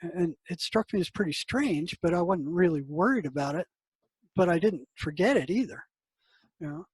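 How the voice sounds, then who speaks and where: A man's voice: fairly high pitch, lively intonation, moderate pace, slightly rough, no room sound, rough recording. An older man, a psychotherapist, telling a story in a casual, conversational way and acting out the dialogue. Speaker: psychotherapist guest. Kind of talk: storytelling interview answer.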